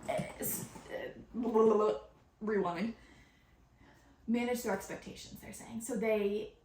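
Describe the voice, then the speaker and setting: A woman hosting a spiritual podcast in a chatty, excitable way, laughing often and using casual slang, recorded on her phone. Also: medium pitch, reverberant. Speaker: podcast host and channeler.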